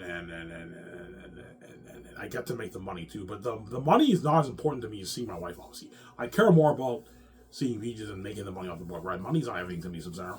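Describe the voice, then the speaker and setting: A man's voice: deep voice, a little hiss or hum. A man rambling in an agitated monologue to the camera, swearing often and repeating his words. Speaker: vlogger.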